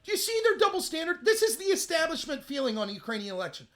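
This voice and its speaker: A man hosting a political commentary show, reading out a hearing transcript with sarcastic, mocking remarks and bursts of loud outrage. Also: very high voice, very animated, fast talker. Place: home room lit by window.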